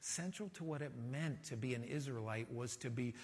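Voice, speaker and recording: A man preaching a sermon as pastor, talking in a conversational, animated way and asking the congregation rhetorical questions. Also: mid-range voice, normal speed, big-room sound.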